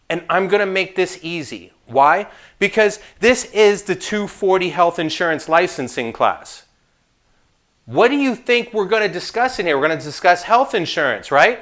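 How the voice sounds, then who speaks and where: A man teaches an insurance licensing class casually and jokingly, throwing in animated asides and playful trash talk. He has a high voice and speaks at normal speed.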